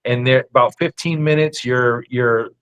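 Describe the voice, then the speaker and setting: A man's voice: medium pitch, fairly even intonation, moderate pace, smooth, poor audio. A man who is a chef, a guest on a podcast, talking in an easygoing casual way with lots of "uh" and "man". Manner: easygoing, says "man" and "uh" a lot. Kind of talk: casual chat.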